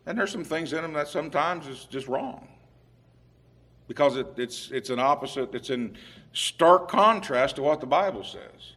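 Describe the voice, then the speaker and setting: A man preaching a sermon, unhurried with occasional fillers, growing emphatic and louder on key points. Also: a little high, animated, breathy edge. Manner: emphatic, rising in volume on scripture quotes.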